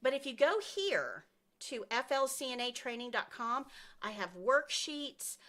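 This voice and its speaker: Upbeat chatty woman teacher on a livestream, slightly high voice, bright and bouncy. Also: big pitch swings, a little slow. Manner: chatty, upbeat, reads viewer comments aloud. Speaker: nursing assistant instructor and live stream host. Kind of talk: casual live stream chat.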